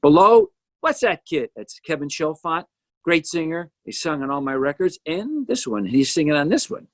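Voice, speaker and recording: A lively older man talks through his music video in a casual, joking way. His voice sits a little high for a man and jumps around a lot. The sound is close and dry, with almost no room in it. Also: moderate pace, no echo. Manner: jokey, animated, teasing asides. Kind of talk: casual commentary. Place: home.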